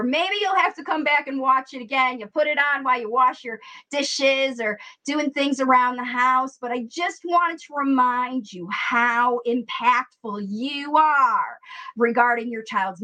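A woman's voice: high-pitched, poor audio. A woman speech therapist giving an earnest, encouraging coaching talk to parents, speaking straight to her viewers. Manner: earnest and encouraging, often addresses viewers as ladies and gentlemen. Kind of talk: direct-to-camera coaching talk.

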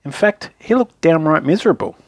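A man reading a children's story aloud in a playful, lively, repetitive way. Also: a little high, fairly quick, no room sound.

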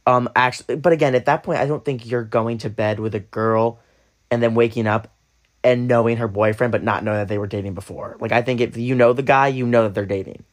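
A young man co-hosting a podcast, talking in an animated, rambling way with plenty of swearing. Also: medium pitch, a little fast. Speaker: podcast co-host. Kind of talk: casual chat.

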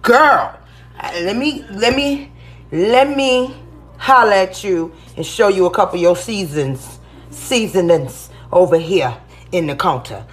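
A woman in a comedy sketch, gossiping loudly in a brash, profane way. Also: mid-range voice, lively intonation, a little slow, lightly acted.

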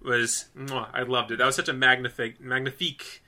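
A man co-hosting a casual podcast, his voice very bright and cutting. He gushes and gets carried away, stringing thoughts together with "like" and dropping curses freely. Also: mid-range voice, a little fast. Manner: excitable, gushing, heavy use of "like", swears freely. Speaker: podcast co-host.

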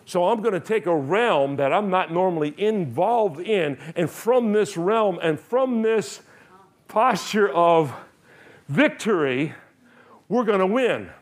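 A man's voice: high-pitched, expressive, slow pace. A middle-aged male pastor preaching a sermon, animatedly retelling Bible stories and acting out the characters' lines with frequent laughter.

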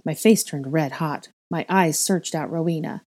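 Low-voiced woman reading fiction aloud, calm and steady, mellow tone. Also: moderate pace. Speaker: reader. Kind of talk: audiobook-style fiction reading.

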